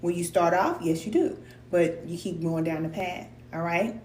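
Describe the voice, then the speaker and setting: A woman's voice: lowish voice, normal speed, darkish tone. A woman hosting a live stream as a spiritual teacher, talking casually and encouragingly to viewers, calling them cousin and repeating herself for emphasis. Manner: loose colloquial speech. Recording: echoey room, distant mic, faint hum.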